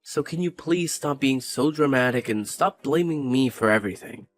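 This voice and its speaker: Callous young husband played by a man: brushes things off, blames, mid-pitched voice, soft music bed. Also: expressive, natural voice. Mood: scornful. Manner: cold, scornful, quick to blame.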